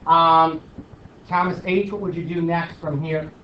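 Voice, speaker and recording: A man's voice: on the high side, fairly even intonation, a little slow, distant mic, slight background noise. A man teaching a math class, questioning students and joking as a self-declared stickler. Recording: roomy, dull, from across the room.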